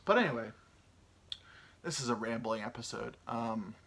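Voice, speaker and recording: A man's voice: mid-range voice, lively intonation, normal speed, creaky, fairly bright tone, a little hiss or hum. A man in his thirties hosting a rambling solo chat. He meanders, muses aloud and swears casually, and he sounds tired from little sleep. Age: 30s. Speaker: podcast host.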